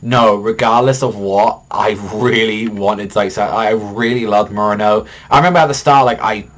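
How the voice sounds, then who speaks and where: Reviewing an episode of anime, a young man rambles along at normal speed in a lowish, fairly evenly intoned voice. He swears a lot and fills the gaps with "like" and "you know."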